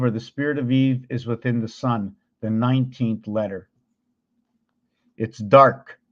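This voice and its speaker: A man explains number patterns at a mid pitch, thinking aloud as he works. He counts, pauses and corrects himself along the way. The recording is dull and lo-fi. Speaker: video host.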